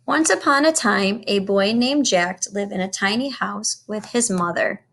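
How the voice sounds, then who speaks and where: A woman teacher reading a storybook aloud to children, slow and expressive. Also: medium pitch, gravelly, slight background noise.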